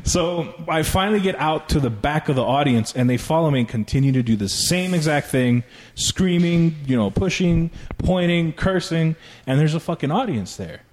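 A man telling a long story in casual chat, profane and animated, acting out quotes. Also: a little high, moderate pace.

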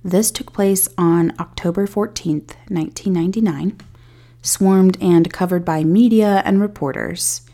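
A woman with a fairly low, warm and mellow voice reads a scripted true-crime narration as a podcast host. She keeps a measured pace and drops in candid personal asides along the way. Her delivery stays even and steady throughout.

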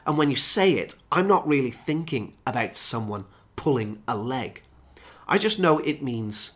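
Guy teaching english on his podcast, mid-pitch voice, slows down to stress the phrases. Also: lively intonation, fairly bright tone. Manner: explanatory, varies pace to stress key phrases. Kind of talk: podcast lesson for English learners.

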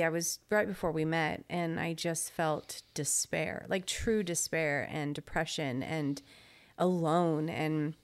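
A woman's voice: lowish voice, clear, resonant tone. A middle-aged woman co-hosting a casual faith podcast, teasing and laughing easily as she chats. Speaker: podcast co-host. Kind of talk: casual chat.

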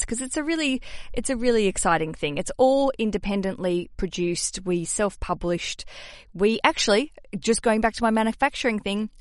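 A young adult woman hosting a podcast, chatty and animated with self-deprecating asides. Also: medium pitch, dry recording, clean studio sound. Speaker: podcast host. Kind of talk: casual podcast talk.

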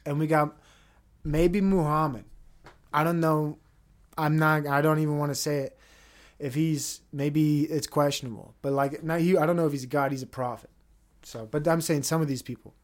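Rambling profane man hosting a solo podcast. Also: a little high. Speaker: podcast host.

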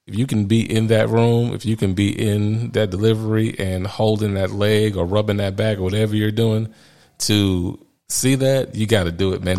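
A man in his thirties speaks in a fairly low voice, telling parenting stories in a loose, candid way. He rambles, restarts and laughs often as he talks. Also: creaky, darkish tone. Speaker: father sharing parenting stories. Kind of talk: casual personal storytelling.

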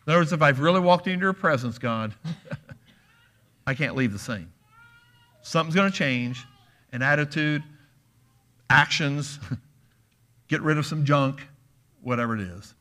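A male preacher with a bright, forward tone delivers an earnest, emphatic sermon in a church, posing question after question to the congregation. His voice sits in a middle register. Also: medium pitch. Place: church sanctuary.

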